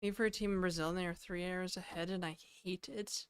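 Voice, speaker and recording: A woman's voice: lowish voice, steady tone, quick pace, clear, resonant tone, dry recording, clean studio sound. A woman livestreaming from home, casually chatting and reading her chat aloud with easy laughs. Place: home in Toronto.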